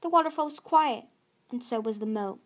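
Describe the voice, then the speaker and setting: A woman's voice: on the high side, brisk. A woman hosting a podcast, reading a novel aloud expressively with small stumbles. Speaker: audiobook podcast host.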